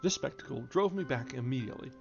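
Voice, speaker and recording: Man reading a novel aloud, mid-pitched. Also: animated, vocal fry, lo-fi sound, faint music behind. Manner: measured reading with occasional stumbles and restarts. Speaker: reader, streamer.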